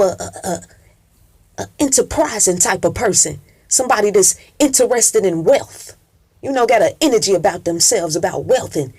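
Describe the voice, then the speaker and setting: A woman's voice: medium pitch, a little mellow, breathy edge. A woman telling a story in an emphatic, preacher-like cadence, full of cursing and call-and-response. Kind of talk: profane preacher-style storytelling.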